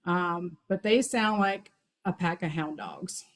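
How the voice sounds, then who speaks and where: A woman's voice: fairly low pitch, slow, poor audio. A woman giving a chatty, enthusiastic talk on frog calls as a wildlife outreach coordinator, with many fillers.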